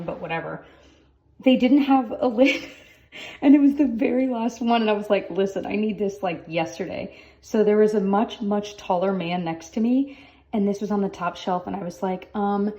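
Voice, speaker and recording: A woman's voice: mid-range voice, moderate pace, dark tone, highs cut off. A young woman chatting casually to camera as a family vlogger, talking loosely with plenty of "like" fillers.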